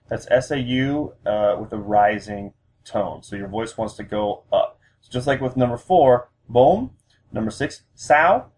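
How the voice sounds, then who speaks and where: A man giving a patient spoken language lesson, pausing often with fillers as he explains. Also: on the low side, darkish tone. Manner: patient, with frequent fillers and restarts. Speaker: language teacher. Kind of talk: instructional lesson.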